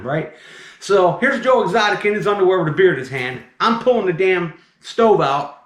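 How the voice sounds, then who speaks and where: A man with a slight Southern accent who removes snakes, telling a story in a chatty, animated way. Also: high voice, moderate pace. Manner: animated, chatty, keeps saying "right?" and "mind you". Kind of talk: casual storytelling. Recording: roomy echo.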